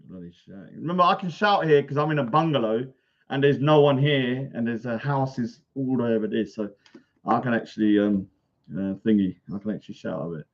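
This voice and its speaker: Speaking fairly quickly in a medium-pitched voice, the vlogger tears into his rivals with plenty of cursing. He films casually at home in a bungalow room, and the lo-fi audio sounds dull.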